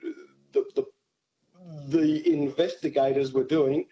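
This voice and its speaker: Hesitant male caller, mellow and muffled. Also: medium pitch, flat delivery, a little slow, slight background noise. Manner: hesitant, repeats words.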